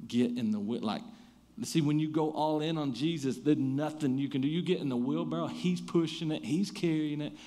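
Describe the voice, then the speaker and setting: Animated man preaching a sermon. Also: a little high, normal speed. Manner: animated storytelling, lively and emphatic, then quiet and soft in prayer. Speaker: pastor.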